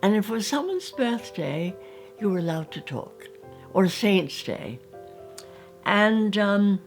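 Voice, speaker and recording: An older woman with an English accent, reminiscing about her school days and acting out little scenes as she tells them. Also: on the low side. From England. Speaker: storyteller. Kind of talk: recounting childhood memories.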